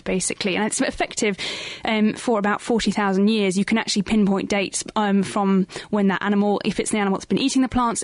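A woman's voice: mid-range voice, no room sound. A woman co-hosting a science radio show, chatting casually and thinking aloud, often correcting herself. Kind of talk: casual studio chat answering questions.

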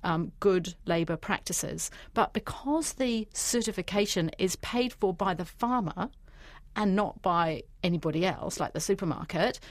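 A woman's voice: lowish voice, measured pace, no room sound. A woman journalist, talking animatedly in a radio interview. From New Zealand.

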